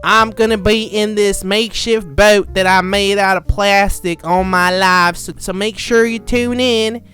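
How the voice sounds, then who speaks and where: A man voicing a defiant, stubborn Florida man who brags in a drawn-out way. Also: sits high, fairly even intonation, bright, forceful tone, smooth, soft background music. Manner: drawn-out, boastful.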